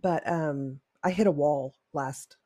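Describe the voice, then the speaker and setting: A podcast co-host in casual chat, laughing along and throwing in quick teasing remarks. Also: medium pitch, mellow, no echo, studio quality.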